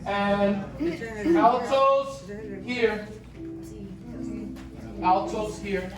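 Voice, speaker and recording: Over music, a woman running a choir rehearsal draws out her words in a mid-range voice. She patiently explains parts, alternating English and Spanish, captured from afar in an echoey room with background chatter.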